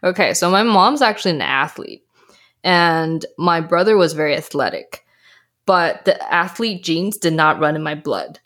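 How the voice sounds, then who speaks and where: A young adult woman, a health coach, chatting in an interview and acting out quotes from her past. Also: normal speed. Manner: animated storyteller, acts out quotes in a higher voice. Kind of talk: casual interview chat.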